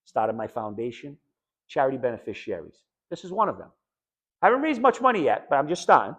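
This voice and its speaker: A man's voice: medium pitch, brisk, husky, muffled recording. Blunt, emphatic middle-aged man. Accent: New England. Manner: blunt, emphatic, conversational, quotes others in animated voices. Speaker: patient speaker sharing his story. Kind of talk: candid personal talk to an audience.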